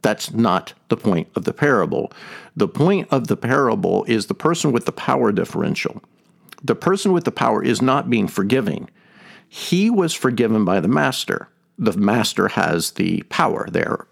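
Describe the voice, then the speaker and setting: A low, gravelly male voice with a lively, rising and falling delivery. He hosts a podcast and teaches earnestly, circling back to stress his main point again and again. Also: normal speed. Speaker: podcast host. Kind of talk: teaching talk on a faith topic.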